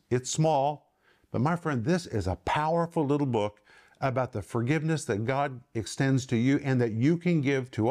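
A middle-aged man hosting and teaching the Bible on a ministry broadcast, earnest, slowing down and lifting his voice to stress key words. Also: fairly high pitch, a little mellow. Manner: earnest, slows and lifts his voice for emphasis.

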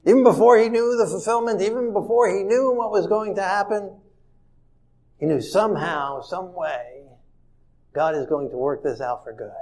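High-voiced earnest male preacher. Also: normal speed. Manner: earnest, swings from soft to emphatic. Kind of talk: sermon.

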